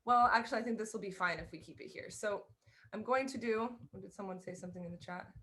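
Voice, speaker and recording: A woman's voice: medium pitch, fast, bright, forceful tone, a little hiss or hum. A woman teaching a live online fiddle lesson. She explains bowing step by step in an encouraging way and sings out the rhythms. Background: violin playing.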